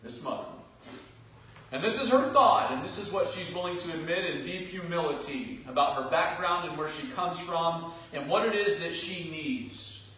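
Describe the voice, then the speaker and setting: A male pastor preaching a sermon in a church, earnest, rising into loud emphatic phrases and dropping to soft asides. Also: a little high, moderate pace. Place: church sanctuary. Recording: distant, very echoey church hall recording with faint noise.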